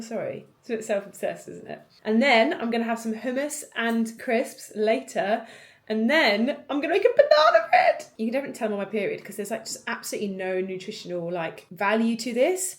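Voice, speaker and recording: A woman's voice: fairly high pitch, lively intonation, fairly quick, no echo. A young woman in her twenties chatting casually in a home vlog, rambling with lots of fillers. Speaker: vlogger.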